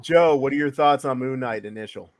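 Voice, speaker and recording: A man's voice: medium pitch, fairly quick. A man hosting a casual podcast, giving hyped, announcer-style introductions. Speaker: podcast host.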